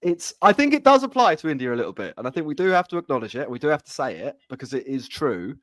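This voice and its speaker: Brief: male podcast co-host, sweary, animated, lots of restarts, very expressive pitch. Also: fast, no echo, clean studio sound. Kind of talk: casual chat.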